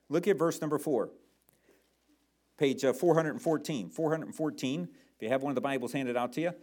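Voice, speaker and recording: A male pastor preaching a sermon, emphatic and addressing the congregation with rhetorical questions. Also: a little high.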